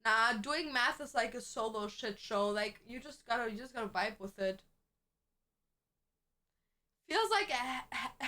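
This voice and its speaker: A young woman streamer in casual chat, chatty and quick to laugh, swearing freely as she tells stories. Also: a little high, pushed and bright.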